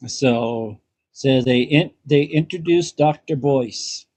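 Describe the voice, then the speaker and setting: A man hosting a casual podcast chat, talking in halting bursts with frequent restarts and the odd curse. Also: medium pitch, darkish tone, slightly rough, dry recording. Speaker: podcast host.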